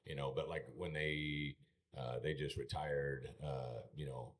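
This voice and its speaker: Very deep-voiced man telling a rodeo story. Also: unhurried, a little hiss or hum. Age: middle-aged. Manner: animated storyteller, acts out quoted exchanges. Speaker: podcast guest, retired rodeo bullfighter. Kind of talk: casual storytelling. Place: podcast studio.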